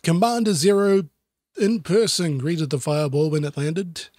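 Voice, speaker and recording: A man reading a children's book aloud with deadpan, self-mocking asides. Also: on the high side, normal speed, dry recording, studio quality. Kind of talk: sarcastic comedic book reading.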